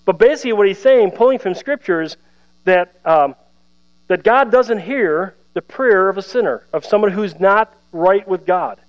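A man with a fairly high voice preaches a sermon in a loose, chatty way, breaking into laughter and acting out the voices he quotes. The recording sounds dull and lo-fi, with a steady mains hum underneath. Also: normal speed. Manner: conversational, animated, laughs often, acts out quoted voices. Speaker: pastor.

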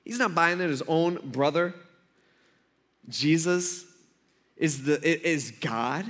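A man preaching a conversational sermon, casual and animated, acting out Bible scenes with asides to the congregation. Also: a little high, slow. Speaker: pastor.

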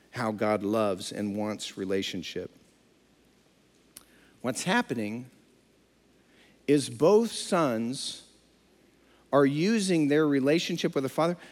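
A man's voice: mid-range voice, animated, takes it slowly, long pauses. A man preaching a sermon who acts out the characters of the story he tells. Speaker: pastor. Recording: long hall reverb.

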